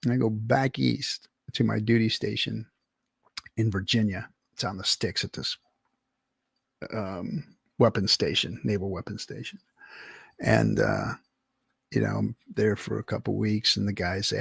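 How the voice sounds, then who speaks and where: A man's voice: fairly low pitch, measured pace, creaky, breathy edge, no echo, clean studio sound. A middle-aged man from California, hosting a livestream and telling a rowdy, profanity-laced story between laughs and reading the chat. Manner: animated, swearing, laughing anecdote. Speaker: livestream host.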